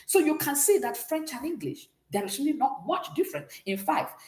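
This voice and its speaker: A woman's voice: high voice, big pitch swings, moderate pace, darkish tone, roomy sound, poor audio. A woman teaching a beginners' French class, who patiently explains, repeats and checks that students follow. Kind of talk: classroom language lesson.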